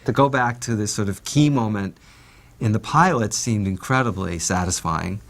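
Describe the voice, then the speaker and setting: A man's voice: on the low side, moderate pace, gravelly, fairly bright tone. A man in an interview, composed and explanatory about a final shot.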